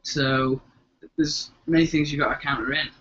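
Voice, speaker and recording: A man's voice: medium pitch, fairly even intonation, moderate pace, a bit bright. A man co-hosting a live video chat, rambling and interrupting himself as he tells stories. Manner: rambling, self-interrupting storyteller. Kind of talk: casual chat. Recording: dull lo-fi webcam audio.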